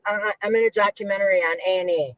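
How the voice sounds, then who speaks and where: A woman's voice: mid-range voice, fairly even intonation, fast, dry recording, lo-fi sound. A middle-aged woman telling stories in an interview, swearing freely and acting out the voices of people she quotes. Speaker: guest, violence interrupter. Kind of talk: animated storytelling interview.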